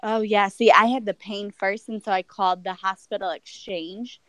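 A woman's voice: medium pitch, fairly even intonation, moderate pace, fairly bright tone, no echo, rough recording. Young woman guest, candid storyteller, loose and rambling with fillers, dry close sound. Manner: rambling, many fillers and restarts.

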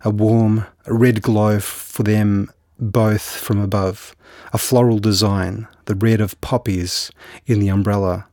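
A man with a somewhat low voice talks about his novel in an unhurried, halting way, full of fillers and false starts. The sound is dry and close, with no room around it. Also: flat delivery, a little mellow, no room sound. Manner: hesitant, halting with restarts and fillers. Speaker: novelist guest. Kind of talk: conversational interview and book reading.

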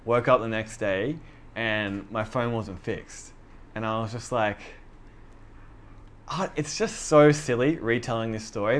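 A man's voice: mid-range voice, a little slow, a little hiss or hum. A young man giving a sermon as a casual story, self-deprecating and chatty, with many fillers and quoted asides to himself. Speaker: preacher.

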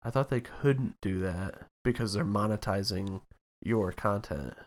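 A man's voice: fairly low pitch, a little slow. A young man co-hosting a casual podcast chat, swearing freely and lapsing into mocking impressions. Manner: profane, animated, mocking impressions. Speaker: podcast co-host.

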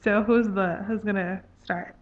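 A woman's voice: medium pitch, fairly even intonation, a little slow, phone-quality sound. A woman from Nigeria hosting a podcast, chatting casually and laughing often. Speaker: podcast host.

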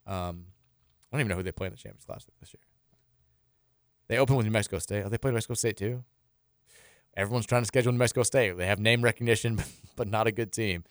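A man's voice: on the low side, a bit bright, clean tone, dry recording, clean studio sound. Rambling male sports radio host. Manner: loose and rambling, with frequent restarts and chuckles. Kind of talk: casual sports radio talk, reading listener texts. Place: radio studio.

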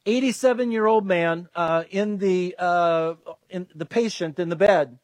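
A man preaching a sermon as a pastor, speaking earnestly with some halting fillers and restarts. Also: sits high, no echo. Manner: earnest, acts out quoted voices, restarts with fillers.

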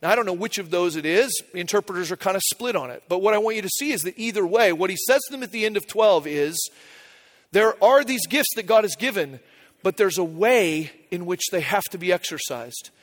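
A man preaching a sermon in a relaxed, conversational way, telling a story with humor. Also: high-pitched, a little fast. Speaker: pastor.

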